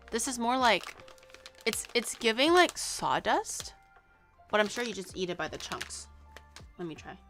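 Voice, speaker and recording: A young woman from Canada, chatting casually on a stream while tasting snacks, excitable and swearing lightly. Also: fairly high pitch.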